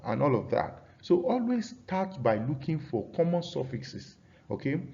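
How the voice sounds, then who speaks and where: A man's voice: medium pitch, vocal fry, warm tone, lo-fi sound. A man teaching an English pronunciation lesson, often repeating himself and checking in with his students.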